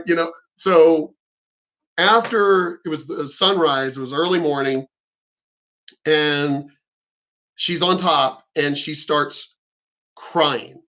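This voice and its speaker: A man's voice: a little high, bright, forceful tone. A middle-aged man vlogging, telling a frank, profane and rambling story about his sex life. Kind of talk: candid storytelling monologue.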